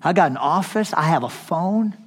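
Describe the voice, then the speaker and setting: A middle-aged male pastor tells stories from the pulpit in an impassioned, conversational way, with a light humorous edge. His voice sits high for a man. It carries on a stage microphone with a long reverb off a large hall. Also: lively intonation, moderate pace, slight background noise. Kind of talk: sermon storytelling. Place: conference hall.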